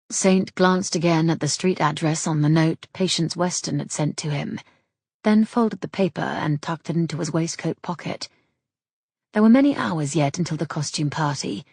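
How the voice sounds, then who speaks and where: Low, husky woman narrating a story. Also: a little mellow, no room sound, clean studio sound. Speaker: audiobook narrator. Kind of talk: scripted narration of a romance novel.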